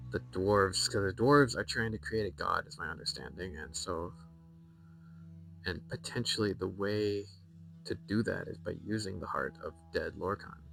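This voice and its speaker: A man streaming a game, rambling through its lore, reading passages aloud and thinking out loud with fillers and self-corrections. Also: low voice, normal speed, gravelly, soft background music, poor audio.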